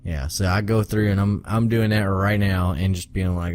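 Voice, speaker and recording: Lowish-voiced guy on a gaming podcast, swears a lot, acts out his reactions, dry close sound. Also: fairly even intonation, normal speed, hardly any pauses, a little mellow, no echo. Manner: profane, emphatic, acts out his own reactions. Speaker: podcast co-host. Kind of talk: casual podcast chat.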